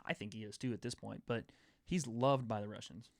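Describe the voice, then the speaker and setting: A man's voice: on the low side, brisk, vocal fry, dry recording. A young man hosting a casual sports chat show, rambling enthusiastically through fight news. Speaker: host.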